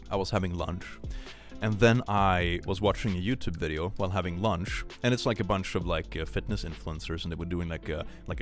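A young man hosts a casual livestream. He reads viewer messages aloud and thanks supporters. His voice sits on the low side and swings animatedly up and down. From Sweden.

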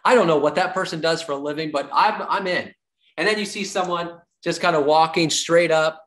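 A man giving an energetic sales training talk, repeating his key points like a coach and acting out little dialogues with clients. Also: fairly high pitch, fairly quick. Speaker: real estate sales trainer.

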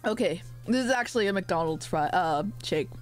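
A woman's voice: fairly low pitch, lively intonation, normal speed, soft background music. A young woman streaming casually while she eats, joking, swearing now and then and thanking her chat. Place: home, eating on camera.

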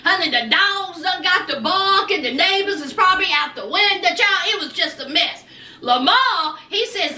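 Far from the microphone in an echoey space, a woman with a very high voice recaps a reality show at normal speed. She's animated and casual, imitating people's lines in voices and tossing out folksy words like "honey" and "child."

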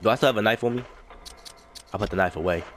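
A man's voice: on the low side, quick pace, a bit bright, a little hiss or hum. A young man playing a horror game, talking to himself and repeating lines as he goes, breaking into panicked yelps when danger hits. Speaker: gaming YouTuber. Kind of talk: let's play commentary.

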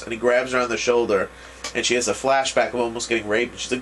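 A man's voice: mid-range voice, steady tone, quick pace, a little hiss or hum. A man giving a casual, rambling recap of an anime episode, full of restarts and fillers. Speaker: anime reviewer.

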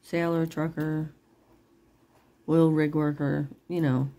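A woman's voice: deep voice, little pitch movement, slow, dark tone. A middle-aged woman selling jewelry online in casual, rambling chat, laughing often and apologizing after she curses. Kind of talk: casual live-sale chat.

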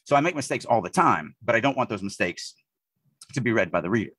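Husky-voiced man. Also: on the low side, fast, no echo. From US Deep South. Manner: animated, thinks aloud with frequent restarts. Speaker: podcast co-host, writing editor. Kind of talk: casual podcast discussion.

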